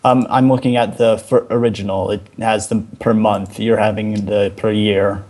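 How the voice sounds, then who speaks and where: A man playing in a tabletop game, talking in a flat, monotone way. His voice is low and husky, with a dark, mellow tone. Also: normal speed. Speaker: player. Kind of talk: casual chat in a tabletop game.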